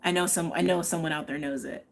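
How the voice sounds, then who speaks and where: A tarot reader with a lowish voice, fairly even intonation, and vocal fry talks fast over slight background noise. In her live tarot and astrology reading she chats, thinks aloud, and keeps checking in with "okay?".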